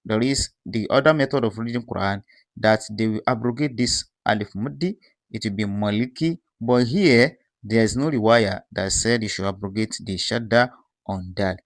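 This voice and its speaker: A man teaching pronunciation, calmly explaining and posing rhetorical questions as he contrasts correct and incorrect forms. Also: lowish voice, normal speed, no echo. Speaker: Quran recitation teacher. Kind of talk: explanatory lesson with recited examples.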